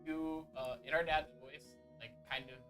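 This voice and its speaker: A player at a tabletop game, chatting in an animated, giggly way with frequent restarts. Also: medium pitch, unhurried, faint music behind. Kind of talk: casual tabletop game chat.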